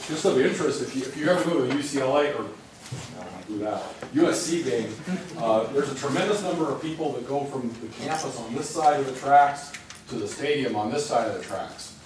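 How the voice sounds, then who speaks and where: A congested rail operations executive gives an informal briefing at a public meeting, speaking conversationally with lots of uh's and um's and frequent restarts. His mid-range voice has lively intonation and runs a little fast. A distant room mic picks him up from far off in a large, echoey meeting room with noise.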